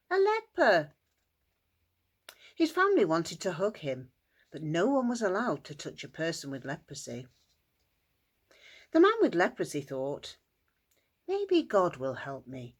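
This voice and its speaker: Lady reading a kids' story for school assembly, slow and bouncy, pitch all over the place. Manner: expressive, shifts into squeaky character voices and shouts. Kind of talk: animated children's storytelling.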